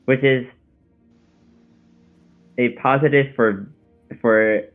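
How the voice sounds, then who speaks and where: A man's voice: mid-range voice, steady tone, extremely slow, phone-quality sound, faint music behind. A man co-streaming a card game, talking in short, hesitant remarks and reluctantly going along. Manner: hesitant, terse, reluctant agreement. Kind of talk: casual gameplay chat.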